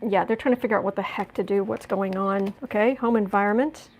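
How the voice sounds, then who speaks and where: A woman's voice: mid-range voice, steady tone, quick pace, darkish tone. A woman giving a casual tarot reading, musing aloud and often restarting or repeating words. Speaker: tarot reader.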